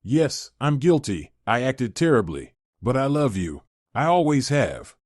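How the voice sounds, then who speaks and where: A man's voice: medium pitch, sing-song, measured pace, darkish tone, dry recording. A guilty, pleading young man, as a male narrator puts him on, begging his partner to stay. The voice rises and falls a lot, and the recording is close and dry. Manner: pleading, insistent. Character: remorseful pleading male fiancé.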